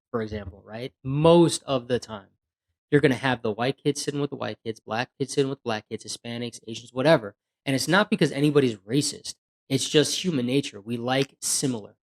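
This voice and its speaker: Blunt, animated police officer telling stories. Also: male voice, medium pitch. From USA. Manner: blunt, animated retelling with acted-out quotes. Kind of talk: casual podcast storytelling.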